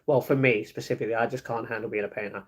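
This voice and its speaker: A young man with a London accent, chatting quickly and rambling as he reads and answers his live chat. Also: mid-range voice, fairly even intonation, slightly rough. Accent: London English. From England. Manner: fast, chatty, rambling with fillers. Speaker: live streamer.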